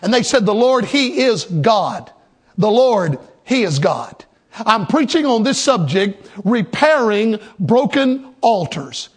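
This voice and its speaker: A man's voice: sits high, sing-song, unhurried, husky. A man preaching a sermon, with rhythmic, emphatic repetition and a storytelling turn.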